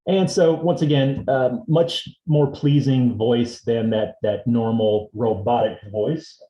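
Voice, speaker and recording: A man leads an instructional demonstration at a seminar and talks through each step in an easygoing way. His voice is mellow and warm, with a roomy echo around it from an indoor room. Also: mid-range voice, slow pace, highs cut off. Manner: relaxed, explains step by step. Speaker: assistive technology instructor.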